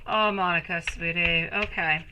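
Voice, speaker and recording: A woman in her thirties doing a live tarot reading, soft and soothing, calling viewers sweetie and turning bubbly when she greets the chat. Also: on the low side, steady tone, normal speed, dull audio, background noise. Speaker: tarot reader.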